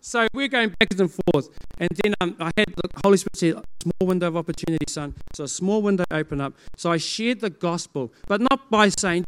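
A middle-aged man from New Zealand with a New Zealand accent, a pastor telling a testimony to his congregation in a lively way, acting out the dialogue and breaking into loud exclamations. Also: high-pitched, fairly quick, clean tone.

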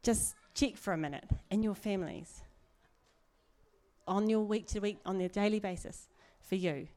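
With a mellow, mid-range voice and a moderate pace, a middle-aged woman gives a sermon. She keeps it conversational and heartfelt, laughing often and slipping in lots of asides.

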